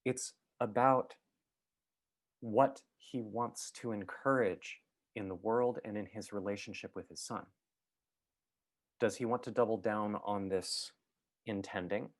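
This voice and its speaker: A man giving a reflective talk as a guest speaker, thoughtful and halting, with many fillers and restarts. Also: fairly low pitch, fairly even intonation.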